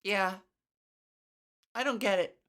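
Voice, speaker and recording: A woman comedian hosting her own podcast, ranting casually with sarcasm, profanity and quick laughs. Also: mid-range voice, fairly bright tone. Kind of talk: casual solo podcast rant.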